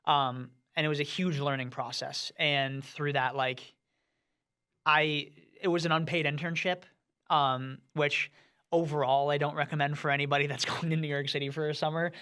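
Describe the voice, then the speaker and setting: A man's voice: fairly high pitch, little pitch movement, normal speed, bright, forceful tone, smooth. A man in his twenties from Vermont, chatting casually in an interview and rambling with lots of "like" fillers. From Vermont, US East Coast. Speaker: student outreach producer.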